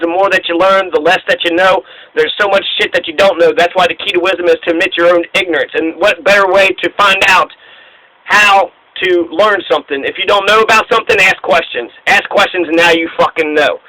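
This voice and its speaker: A man's voice: high-pitched, bright, forceful tone, rough recording. Fiery, foul-mouthed man ranting. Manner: angry, profane, sarcastic. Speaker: political commentator. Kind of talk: profane ranting monologue.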